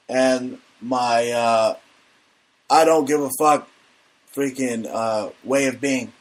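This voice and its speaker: A man's voice: medium pitch, takes it slowly. A man hosting a casual comedic talk show, brash and profane, joking as he rants. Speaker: podcast host.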